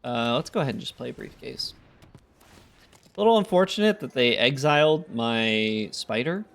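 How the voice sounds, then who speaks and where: A man's voice: medium pitch, expressive, normal speed, gravelly, a bit bright. A tired man giving casual, laid-back gameplay commentary, thinking aloud with a wry tone. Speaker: gaming content creator.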